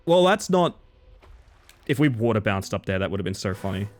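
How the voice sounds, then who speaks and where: A man from the Isle of Man and Australia streams a racing game, chatting, joking and reacting to his viewers' chat as casual gaming commentary. His fairly low voice is sing-song and a little fast.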